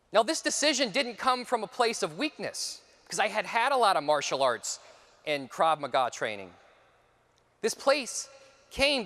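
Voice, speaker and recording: A man giving a conference talk, telling a personal story with dramatic shifts, sometimes dropping to a hushed voice. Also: high-pitched, big-room sound. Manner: dramatic storytelling, dropping to near whispers for repeated phrases. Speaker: conference speaker.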